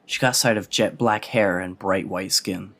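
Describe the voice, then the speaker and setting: Deep low guy reading a novel aloud, steady. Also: unhurried, vocal fry. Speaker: narrator. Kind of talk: audiobook narration.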